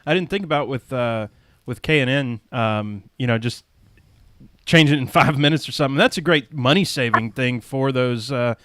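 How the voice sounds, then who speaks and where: A man's voice: medium pitch, normal speed, a bit bright, no room sound. A man who hosts a podcast, telling a rambling, folksy story and laughing often. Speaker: podcast host.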